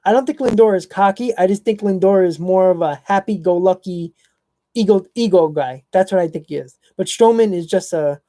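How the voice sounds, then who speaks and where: Male live-stream host, mellow tone, opinionated and blunt, casual chat delivery. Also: high voice, brisk, no room sound. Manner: blunt, opinionated, answers chat viewers by name.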